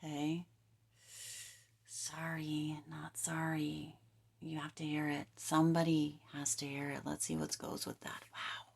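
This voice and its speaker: A woman giving a tarot reading to camera, talking in emphatic, repetitive coaching phrases and now and then dropping to a soft near-whisper. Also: low-pitched, a little slow, gravelly, breathy edge. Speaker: tarot reader.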